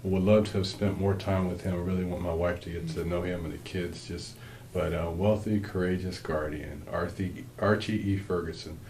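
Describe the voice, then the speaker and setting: A man's voice: sits low, fairly even intonation, moderate pace, darkish tone, roomy sound, a little hiss or hum, rough recording. A man co-hosting a faith-based marriage talk with his wife, speaking earnestly and rambling with frequent restarts. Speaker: co-host, husband.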